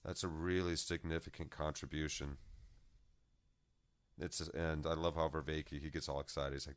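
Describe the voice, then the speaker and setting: Brief: very low, flat-toned man, podcast co-host, reflective musing, dry close sound. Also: moderate pace, pauses often, smooth, no echo. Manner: musing, reflective, trails off mid-thought. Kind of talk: casual philosophical discussion.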